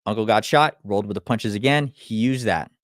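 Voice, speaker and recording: A man's voice: lowish voice, fairly quick, dry recording, clean studio sound. A man giving a live motivational talk, blunt and full of swearing, firing off rhetorical questions and stumbling over restarts when he gets fired up. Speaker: motivational speaker.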